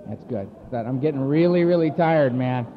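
A man's voice: mid-range voice, expressive, normal speed, noisy background. A man giving a personal recovery talk to a meeting, telling his story bluntly and with emphasis. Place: meeting hall. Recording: echoey hall over a tinny phone-like line.

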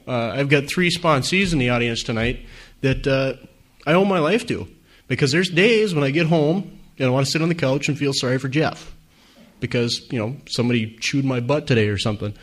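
A man's voice: mid-range voice, a bit bright. A man, giving an earnest, conversational personal testimony to a meeting audience, with many fillers. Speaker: speaker at a recovery meeting.

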